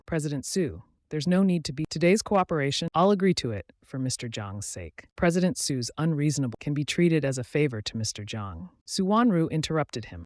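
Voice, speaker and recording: A man reading a drama story recap as narrator, voicing every character's lines in the same even voice. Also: fairly high pitch, dry recording, studio quality.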